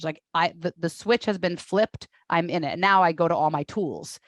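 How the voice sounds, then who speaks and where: A woman's voice: on the low side, moderate pace, hardly any pauses, dry recording. A woman hosting a casual interview, talking animatedly and laughing often. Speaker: host.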